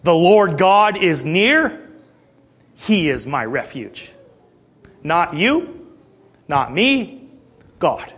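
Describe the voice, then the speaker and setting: A man in his late thirties delivers a sermon in a high, bright-edged voice that leaps up and drops low. He sounds earnest and conversational, breaking into asides and rhetorical questions. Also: very animated, extremely slow, long pauses, breathy edge. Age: 30s. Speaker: preacher.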